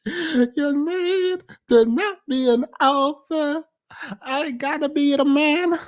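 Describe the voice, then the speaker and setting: A hoarse podcast host putting on the voice of a whining man who demands that women be submissive. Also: high-pitched, slow, pitched above the performer's own voice. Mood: mocking whine.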